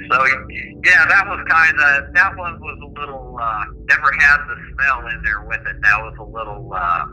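Bright-voiced chatty man telling stories. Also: mid-range voice, poor audio. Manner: chatty, rambling, laughs at own jokes. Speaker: interview guest. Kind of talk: casual storytelling in an interview.

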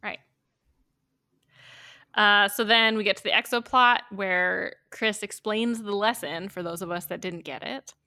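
A woman co-hosting a podcast, casually recapping an episode with quick, chatty asides. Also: mid-range voice, sharp tone. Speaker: podcast co-host.

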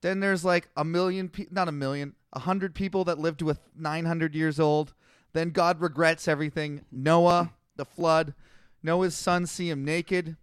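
Man, podcast co-host, high and smooth voice, crude rapid-fire comic storyteller, dry close mic. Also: fairly even intonation, no room sound. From Canada. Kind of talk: casual comedic retelling.

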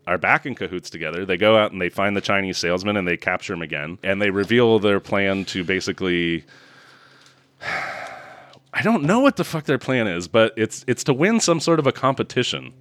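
Man, podcast co-host, casual movie recap, very animated pitch, dry close sound. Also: moderate pace, dry recording. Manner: animated, laughing, acting out quoted lines.

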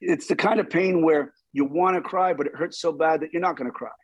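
A middle-aged man, a stunt performer, telling stories in an interview with lively, acted-out dialogue. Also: fairly high pitch, a little fast, slightly rough, no echo, dull audio. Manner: animated, acts out quoted dialogue. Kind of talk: storytelling interview.

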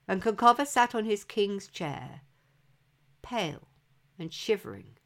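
A woman storyteller telling an old legend in a slow, dramatic, expressive way. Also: medium pitch.

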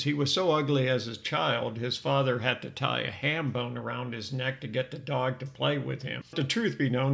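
A man's voice: mid-range voice, vocal fry, a bit bright. An older man hosting a podcast, telling his own life story in an earnest, reflective scripted narration. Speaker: podcast host.

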